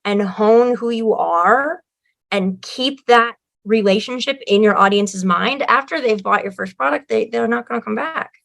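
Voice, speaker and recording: A woman's voice: fairly high pitch, measured pace, creaky, fairly bright tone. Earnest woman giving firm advice. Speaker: writer, podcast guest. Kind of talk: casual interview chat.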